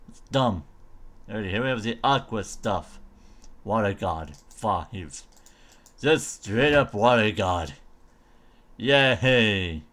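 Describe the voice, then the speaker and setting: A man's voice: fairly low pitch, animated, takes it slowly, long pauses, a bit bright. A man casually commenting on a game mod as he tries it, thinking aloud and mumbling silly noises. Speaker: gamer showcasing a mod.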